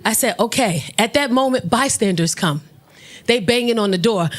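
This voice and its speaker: A woman comedian telling a stand-up story, brash and profane, who jumps into loud, high shouts at the punchlines. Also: expressive, brisk. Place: comedy stage with audience.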